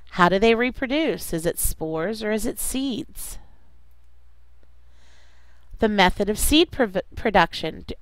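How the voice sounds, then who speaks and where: A woman teacher giving a classroom science lecture, speaking deliberately and repeating key terms for students to write down. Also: medium pitch, clean tone, no echo, poor audio.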